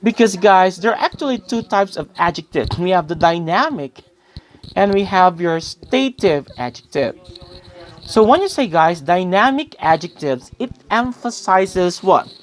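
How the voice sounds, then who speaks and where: Slow, lively woman teaching grammar. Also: lowish voice. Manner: explains with quiz-like questions and addresses listeners as guys. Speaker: English teacher. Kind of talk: recorded grammar lesson.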